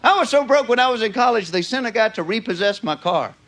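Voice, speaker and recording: A man's voice: high-pitched, animated, fast, fairly bright tone. A man with a Southern American accent doing a stand-up comedy routine, telling drawling stories on a stage before a live audience. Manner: drawling storyteller, slips into character voices. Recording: live show with audience noise.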